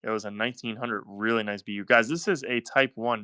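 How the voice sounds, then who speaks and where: A man with a Southern accent runs a live coin auction in an easygoing, upbeat patter, calling out lots and cheering buyers on. His voice sits on the low side and comes across smooth and clear. The sound is dry and close, with no room echo. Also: steady tone, fairly quick, sharp tone. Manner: upbeat, chatty, thanks buyers by name.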